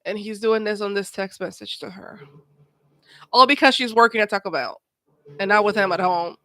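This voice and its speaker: A woman's voice: mid-range voice, moderate pace, sharp tone. A woman giving casual reaction commentary, emphatic and indignant as she talks over a show she is watching.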